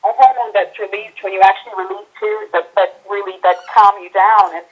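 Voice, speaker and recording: A woman's voice: mid-range voice, fairly even intonation, fairly quick, husky, phone-quality sound. An Irish woman, a comedian and actress, chatting casually as an interview guest, laughing often and acting out quotes. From Ireland.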